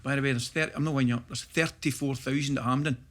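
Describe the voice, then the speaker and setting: Scottish man, middle-aged, bright voice, animated storyteller who laughs through his tales, casual podcast guest. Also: medium pitch, racing. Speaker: guest, former footballer. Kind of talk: casual podcast chat, anecdote telling.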